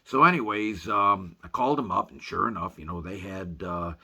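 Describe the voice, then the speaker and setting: A man telling a rambling comic story in a folksy way, filling every pause with "you know", as a voice-over for photos. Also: low voice, pushed and bright, husky.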